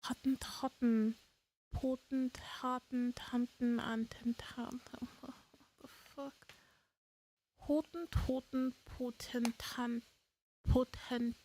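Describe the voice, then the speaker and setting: A woman's voice: on the high side, little pitch movement, slow pace, dark tone, a little hiss or hum. A woman streaming live in casual chat, playful, laughing often and swearing freely.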